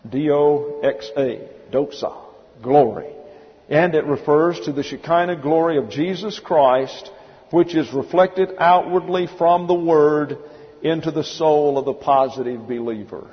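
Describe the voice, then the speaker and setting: A man's voice: fairly high pitch, measured pace. A man preaching an expository sermon, emphatic, stopping to spell out Greek words letter by letter. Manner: emphatic, drills word by word, spells out Greek terms. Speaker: pastor. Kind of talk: expository Bible teaching sermon. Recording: dull, long-reverb church hall recording.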